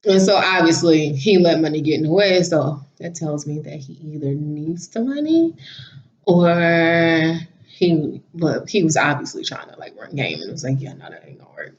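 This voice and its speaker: A woman vlogging casually, telling a story in a chatty, animated way and laughing now and then. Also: deep voice, moderate pace. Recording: slightly dull lo-fi audio.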